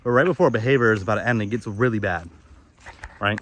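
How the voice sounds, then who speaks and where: This vlogger, a young man outdoors in a forest, rambles candidly and profanely in a confessional monologue, often restarting his sentences. His fairly low voice moves at a quick pace over a little hiss or hum.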